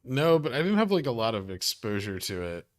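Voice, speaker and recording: A man's voice: mid-range voice, very animated, fairly quick. A man from New York chatting casually on a livestream about stock trades, reading viewers' questions aloud and answering offhand, with some swearing. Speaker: stock market streamer.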